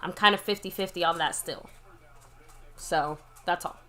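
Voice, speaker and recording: A woman's voice: fairly low pitch, moderate pace, bright, forceful tone. A woman co-hosting a fan watch party, reacting bluntly and sarcastically to a game and reading viewer comments aloud. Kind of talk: casual live game reaction.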